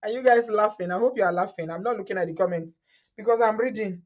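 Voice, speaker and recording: A woman's voice: medium pitch, fast. A woman reading a viewer's story aloud in a casual way, often breaking into laughter and adding her own comments. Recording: dull lo-fi sound.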